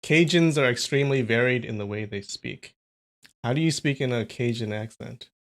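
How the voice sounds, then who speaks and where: A man's voice: medium pitch, moderate pace, gravelly. A man hosting a casual livestream, chatty and thinking aloud, laughing often. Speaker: streamer.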